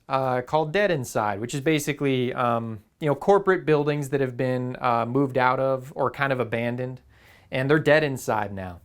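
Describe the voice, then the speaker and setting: A man talking casually to camera in a vlog, rambling and easygoing with plenty of ums and uhs. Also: medium pitch. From Southern California. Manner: rambling, filler-heavy, easygoing. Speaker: photography YouTuber.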